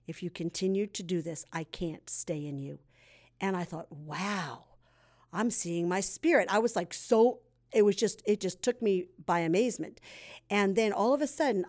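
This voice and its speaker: A woman in her sixties sharing her personal testimony as a guest, earnest and emotional, speaking with deep faith. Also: a little mellow. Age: 60s.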